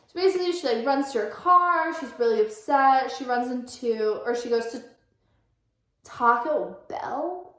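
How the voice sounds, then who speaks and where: A woman's voice: high voice, unhurried, a bit bright. Giggly young woman vlogger in an echoey room. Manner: giggly, full of fillers. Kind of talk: casual reading aloud and retelling.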